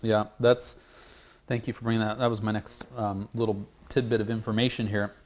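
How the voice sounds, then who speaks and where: A man teaching a Bible study group, talking haltingly and repeating words as he works through a passage and draws answers from the class. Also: on the low side, flat delivery, a little mellow.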